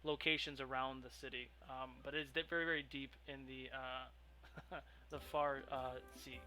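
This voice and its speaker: A man's voice: mid-range voice, little pitch movement, moderate pace, bright, forceful tone. A man narrating as game master of a tabletop role-play, rambling with lots of ums and restarts. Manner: rambling, filler-heavy, self-interrupting.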